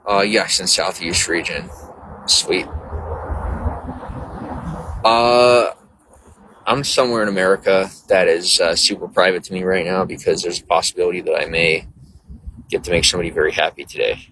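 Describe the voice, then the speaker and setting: A man's voice: sits low, fairly even intonation, normal speed, pauses often, a bit bright, slight background noise, rough recording. A man casually chatting on a live stream, greeting viewers by name in a loose, boastful, flirty way.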